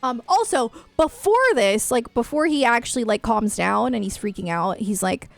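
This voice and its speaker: On a casual livestream, a young woman streamer chats and gushes like a fan, packing her speech with "like" and "um." Her voice is fairly high with vocal fry at normal speed, there's no room sound, and faint music plays behind her.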